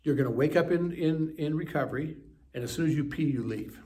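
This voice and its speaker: A man's voice: a little high, brisk, dark tone, pitched above the performer's own voice, natural voice. A man voicing a male surgeon who lists grim outcomes in a blunt, matter-of-fact way.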